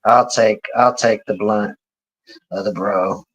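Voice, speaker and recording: A man's voice: fairly low pitch, fairly even intonation, slow pace, fairly bright tone, rough recording. A man speaking as a guest in a casual panel chat, teasing the host with dry ribbing.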